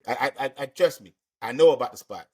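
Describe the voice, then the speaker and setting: A man's voice: mid-range voice, lively intonation, fast talker, darkish tone, husky. A man hosting a podcast in casual interview chat, laid-back and slangy, often repeating words as he gathers his thoughts. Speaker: podcast host.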